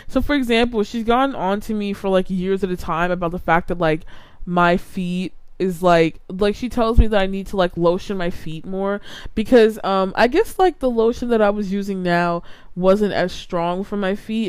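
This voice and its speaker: A woman's voice: medium pitch, a little mellow, smooth, no echo. A young adult woman hosting a podcast, ranting casually and with exasperation, full of "like" fillers. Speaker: podcast host.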